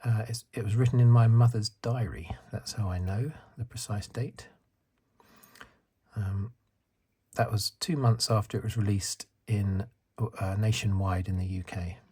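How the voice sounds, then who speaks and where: A man in his fifties from the UK, talking in a soft-spoken ASMR chat, rambling and correcting himself. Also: lowish voice, fairly even intonation, measured pace, husky. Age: 50s. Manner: rambling, self-correcting, chuckles. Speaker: ASMR channel host.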